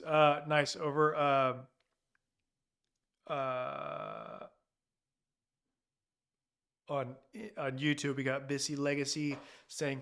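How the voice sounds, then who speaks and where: A man's voice: mid-range voice, a bit bright. A man who is an asylum lawyer, giving advice on a live stream in a conversational way with many fillers and restarts. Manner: conversational, with fillers and restarts, reading viewer comments.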